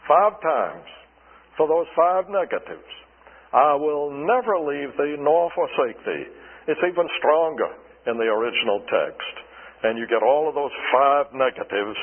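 A man preaching a sermon in a slow, deliberate way, asking his congregation rhetorical questions. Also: mid-range voice, expressive, breathy edge. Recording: tinny radio broadcast with long reverb.

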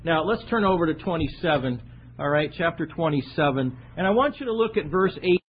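A middle-aged man preaching a sermon, telling the story with animated voices for the people in it. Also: on the high side, a little fast. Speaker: pastor. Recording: dull echoey recording in a large room.

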